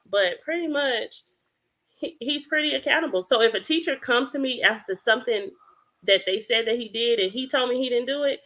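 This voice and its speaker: Bright-voiced animated woman telling a story. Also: a little high. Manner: animated storyteller, acts out dialogue. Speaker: podcast guest. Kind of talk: casual podcast chat.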